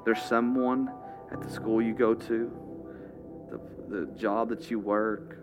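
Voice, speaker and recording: Guy preaching a sermon, lowish voice, goes big then drops real quiet. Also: steady tone, takes it slowly, over music. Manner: dramatic, swinging from loud to hushed.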